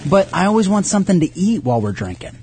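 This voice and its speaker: A man's voice: high-pitched, big pitch swings, fast talker, warm tone, a little hiss or hum. A man hosting a radio show from the studio, bantering and joking in a loose, rambling way. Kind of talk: casual on-air banter.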